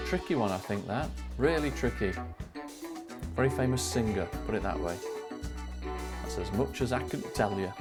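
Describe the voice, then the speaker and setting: A man's voice: lowish voice, expressive, normal speed, long pauses, over loud music. A man hosting a live online quiz, cheerily reading out scores and joking with players. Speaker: quiz host. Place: home live stream.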